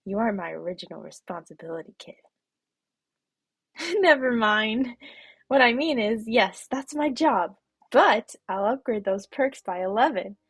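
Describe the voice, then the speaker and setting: A boastful, breezy male guardian angel with old-man energy, as a woman voices him. The voice is gravelly and husky, recorded dry and close. A quiet bed of music runs underneath. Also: on the high side, animated, measured pace, dry recording, heavily acted. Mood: wheedling. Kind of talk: reading game dialogue aloud.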